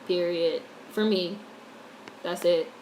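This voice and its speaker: A woman's voice: fairly low pitch, steady tone, slow pace, a little mellow, slight background noise, poor audio. An American woman giving blunt, opinionated casual commentary on a livestream, swearing freely as she reads and answers chat. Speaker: YouTube commentator reading chat.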